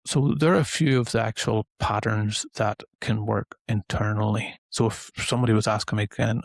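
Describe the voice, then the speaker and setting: A man's voice: on the low side, steady tone, moderate pace, few pauses, no echo. A man with an Irish accent, hosting a podcast and giving casual self-help advice in a loose, repetitive way. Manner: conversational, loose and repetitive phrasing. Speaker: podcast host and coach.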